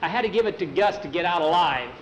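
A man voicing an excitable young male adventurer, pushing his voice up high and urgent. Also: fast, roomy sound, muffled recording, a little hiss or hum. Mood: pleading.

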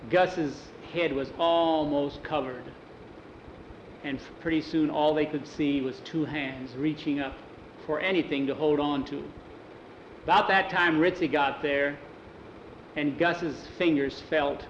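A man's voice: on the high side, dull audio, a little hiss or hum. Man telling an improvised story, echoey. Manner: casual, repeats "he said", restarts words.

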